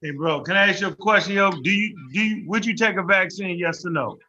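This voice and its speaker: A man in casual podcast chat, teasing, laughing and firing off quick questions. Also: high voice, sharp tone, lo-fi sound. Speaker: podcast co-host.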